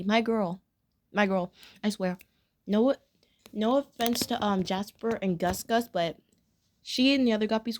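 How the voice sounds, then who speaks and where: A woman's voice: medium pitch, a little mellow. A young adult woman giving a casual spoken review of a cartoon episode, rambling and gushing, full of fillers and restarts.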